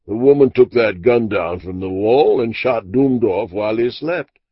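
A man's voice: on the low side, expressive, moderate pace, no room sound. A man voicing a stern man with a big bellowing voice in an audiobook. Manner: forceful, bellowing. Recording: dull lo-fi audiobook recording.

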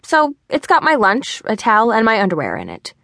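A woman's voice: a little high, wildly swooping pitch, fairly quick, fairly bright tone, dry recording, clean studio sound, exaggerated voice. A woman voicing a cheeky young boy who teases his friend. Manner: teasing, playful.

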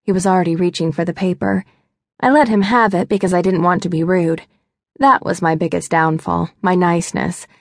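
A woman's voice: lowish voice, dry recording, clean studio sound. A young woman narrating a first-person romance audiobook in a wry, chatty, self-mocking way. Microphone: close studio mic.

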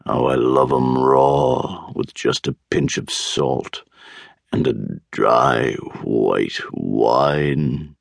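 A man's voice: a bass voice, drawn-out words, vocal fry, no echo, clean studio sound, voice pushed down, full character voice. A man voicing a whimpering, sniveling fox. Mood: dreamy mumbling. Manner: whimpering, pleading, drawn out. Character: sly wailing adult male fox, sniveling and greedy. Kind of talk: storybook character reading.

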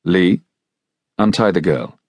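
Guy doing a smooth swordsman, soft and mild, dryly mocking, super deep husky voice. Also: expressive, slow pace, no room sound, full character voice. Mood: mild, ironic. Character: suave mocking male swordsman, cool and mild.

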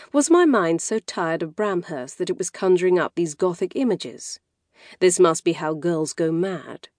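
A woman reads a first-person audiobook, her voice sitting on the low side. She tells the story in a wry, measured way. The recording is close and dry, with no room sound. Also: darkish tone, no room sound. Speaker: audiobook narrator. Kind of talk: scripted first-person narration. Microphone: close studio mic.

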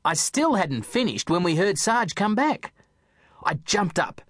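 A man narrating a children's audiobook in a playful, expressive storytelling manner. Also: high voice, unhurried, no echo, studio quality.

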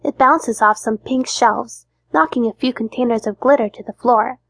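Petulant, fairly high woman narrator. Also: moderate pace, fairly bright tone, husky, no room sound. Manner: petulant young-adult tone with sulky outbursts. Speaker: audiobook narrator. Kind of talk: first-person audiobook narration.

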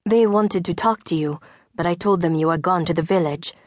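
A woman's voice: lowish voice, a little fast, darkish tone, dry recording, studio quality, close to an everyday voice. A woman voicing a direct, earnest French farm widow under forty in an audiobook.

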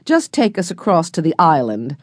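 A woman doing a calm, kindly grandfather in a storybook. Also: low voice, normal speed, no echo, clean studio sound, full character voice.

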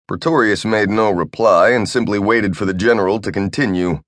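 A man reading an audiobook in a plain, even storytelling manner. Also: sits low, moderate pace, few pauses, no room sound, studio quality. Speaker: audiobook narrator. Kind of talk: scripted narration.

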